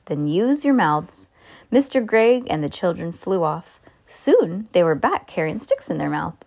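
Woman storyteller reading a children's book, expressive. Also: on the low side, moderate pace, vocal fry.

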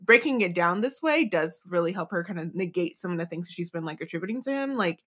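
Woman podcast co-host, lower register, rambling and reflective book chat. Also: lively intonation, fast talker, fairly bright tone, slightly rough. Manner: rambling, many fillers and restarts. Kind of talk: casual book discussion.

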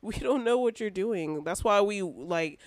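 A woman's voice: medium pitch, expressive, a little slow, no echo. A woman co-hosting a podcast, outspoken and profane in casual chat. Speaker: podcast co-host.

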